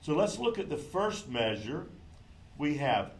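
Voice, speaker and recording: A man's voice: on the high side, sing-song, unhurried, poor audio. A man teaching a clarinet lesson, patiently counting in and calling out note names and fingerings. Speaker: music teacher.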